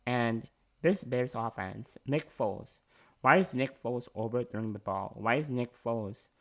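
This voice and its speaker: A man's voice: mid-range voice, normal speed. A man ranting about his football team's coaching, frustrated and repetitive, with frequent restarts. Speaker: sports fan vlogger. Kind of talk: ranting sports commentary.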